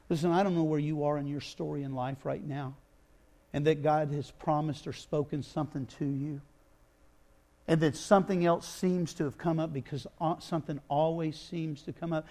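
A man with a notably high-pitched voice delivers a sermon as a lively storyteller. He acts out the people in the story, going from loud, emphatic bursts to quiet, intimate asides. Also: moderate pace. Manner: dramatic storytelling, acting out biblical dialogue with swings from loud to hushed. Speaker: preacher.

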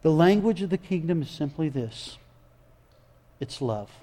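A man's voice: on the high side, animated, a little slow, dark tone. A man preaching a sermon in an emphatic, folksy way, often repeating his phrases.

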